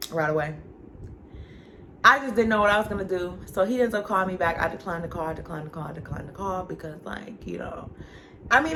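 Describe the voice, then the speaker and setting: A young woman vlogger chatting casually as she tells a personal story, animated and talking straight to her viewers. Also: fairly low pitch, gravelly, noisy background. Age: young adult. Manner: chatty, animated, addresses viewers as y'all and girl.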